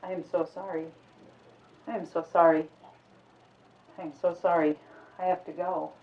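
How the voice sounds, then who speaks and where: A woman voicing a troubled young man who talks in a subdued, halting way. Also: fairly low pitch, flat delivery, natural voice. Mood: haunted, quiet. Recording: echoey, distant, phone-like sound.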